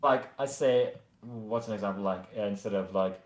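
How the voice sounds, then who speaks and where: A man with a regional British accent and flat vowels, hosting a casual livestream chat with short, dry replies. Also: lowish voice, normal speed. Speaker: streamer host. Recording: roomy, echoey sound.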